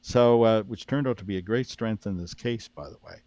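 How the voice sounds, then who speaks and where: A man from Canada, a former police officer and paranormal researcher, telling a story as a podcast guest, with frequent restarts and lively retelling of what others said. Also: lowish voice, normal speed, no echo. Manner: animated storyteller who acts out quoted speech, with frequent restarts.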